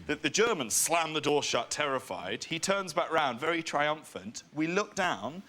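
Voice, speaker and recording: A young man, a guest on a chat show, chatting and telling family stories with quick laughs. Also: fairly high pitch, big pitch swings, pushed and bright. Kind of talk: casual chat show interview.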